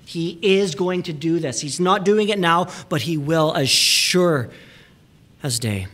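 Emphatic preaching man, higher voice. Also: takes it slowly. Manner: emphatic preaching, drops to hushed asides and repeats for emphasis. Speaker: pastor. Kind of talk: sermon. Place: church sanctuary.

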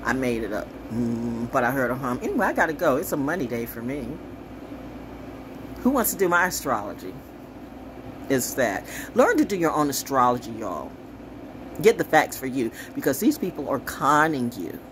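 A woman talking casually to camera in an animated, rambling way, profane and sassy, jumping from story to story. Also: rumbling low, normal speed, background noise. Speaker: commentator.

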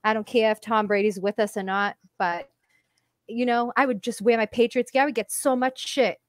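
A woman's voice: fairly high pitch, fairly even intonation. A woman from Massachusetts with its accent, chatting casually as co-host, laughing often and swearing freely. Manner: laughs often, swears, talks fast in runs. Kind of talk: casual chat.

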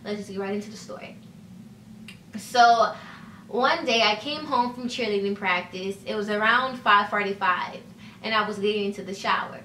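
A woman's voice: medium pitch, normal speed, sharp tone, distant mic, a little hiss or hum. A young woman telling a casual storytime vlog, chatty and full of "like" and "you know," acting out the dialogue as she goes. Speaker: vlogger. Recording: echoey room, voice set back from mic.

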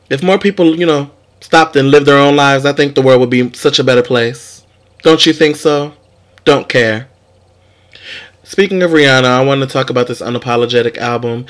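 A young man hosting a casual celebrity gossip vlog, sassy and profane, talking straight to his viewers. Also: medium pitch. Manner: sassy, profane, animated commentary. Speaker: vlog host.

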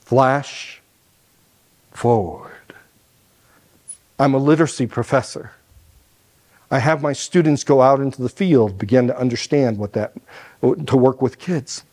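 A man performing a dramatic personal story on stage, a literacy professor who swings between loud and hushed. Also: mid-range voice, unhurried, pauses often. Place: lecture hall stage.

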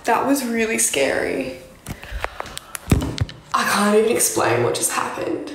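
A woman's voice: on the high side, unhurried, gravelly. A frightened young woman streaming live from her home at night, talking in a breathless, jittery way that drops to whispers, swearing often, close to tears. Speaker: livestreamer. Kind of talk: casual livestream chat. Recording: echoey room with noticeable background noise.

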